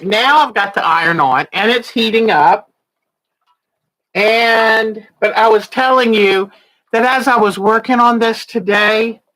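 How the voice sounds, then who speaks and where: A woman's voice: mid-range voice, a bit bright. A woman hosting a quilting show in casual livestream chat, chatty and often giggling. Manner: chatty, giggly, chuckles between words.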